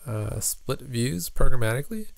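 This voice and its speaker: A man's voice: mid-range voice, very animated, moderate pace, gravelly, dry recording. A man hosting a casual livestream, reading viewer comments and thinking aloud with lots of fillers. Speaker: livestream host, app developer.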